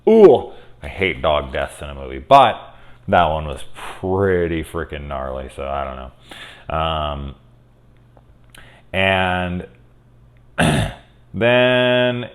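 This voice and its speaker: A man with an extremely low, rumbling voice talks through a film in a loose, casual review. He rambles excitedly, swears freely and leans on "like" and "you know" as he goes. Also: drawn-out words, pauses often.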